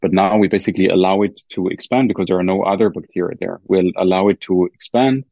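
A man's voice: deep voice, steady tone, quick pace, gravelly, no echo, lo-fi sound. A man with a German accent explaining research carefully as a podcast guest, with many fillers and restarts. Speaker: guest scientist. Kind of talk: podcast interview.

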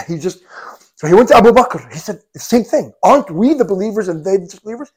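A man with a high, light voice delivers a sermon as a vivid story. He drops to near whispers and then rises to loud, pleading cries. Arabic phrases come and go within his English. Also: sing-song, fast, breathy edge. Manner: dramatic storytelling, swings from hushed to loud acted cries. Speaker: preacher.

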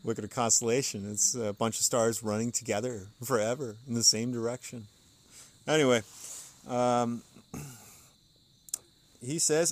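A man's voice: mid-range voice, fairly even intonation, a little slow, long pauses, no echo. A man speaking outdoors on a porch, musing conversationally as a podcast host, chuckling often and reading passages aloud between his thoughts. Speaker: podcast host reading and explaining an occult text. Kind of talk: casual spoken commentary.

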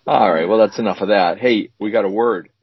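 Podcast co-host: man, husky and fairly low, casual and rambling, on a dry, dull recording. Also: a little fast, no echo, soft background music. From United States. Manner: rambling, with many fillers and restarts. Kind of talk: casual chat.

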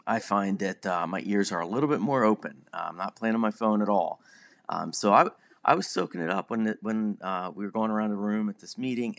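Deep-voiced man musing on his own life. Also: fairly bright tone. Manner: reflective, self-deprecating, chuckles often. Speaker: podcast host. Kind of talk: casual personal monologue.

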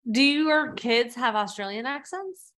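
A woman's voice: on the high side, animated, unhurried, fairly bright tone. A middle-aged woman hosting an interview, asking curious and reflective questions. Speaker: podcast host. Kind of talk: interview conversation.

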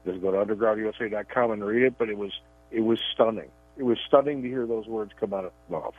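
A man's voice: on the low side, quick pace. A man co-hosting a political radio show, talking emphatically and often repeating words as he starts his sentences. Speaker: radio show co-host and columnist. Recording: tinny phone line, dry.

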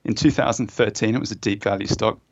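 A man's voice: fairly low pitch, steady tone, fast, dry recording. Guy on a podcast telling a long story, lots of um and you know, dull dry audio. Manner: storytelling, with frequent fillers and restarts. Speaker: author and fund manager, guest. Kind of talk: conversational explanation in a podcast interview.

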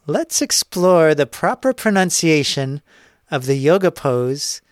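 Male host, slightly high, crisp tone; measured scripted intro. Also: expressive, no room sound, studio quality. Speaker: podcast host.

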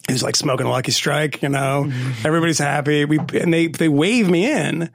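Male podcast co-host, gravelly, animated storyteller, pitched a bit high. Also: fairly quick, slight background noise. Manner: animated storytelling with laughs and profanity. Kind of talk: casual chat.

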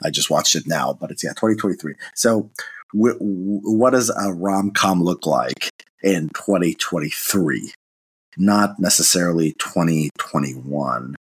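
A man's voice: low-pitched, measured pace, husky, no echo. A man with a sick-sounding voice, talking in a casual, hesitant monologue as a commentator, with many restarts and fillers. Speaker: political commentator.

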